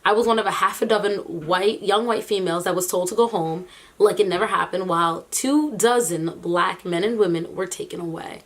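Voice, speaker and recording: Incredulous, animated woman vlogger. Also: fairly low pitch, fairly quick. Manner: animated, incredulous, laughs between remarks. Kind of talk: casual reaction commentary.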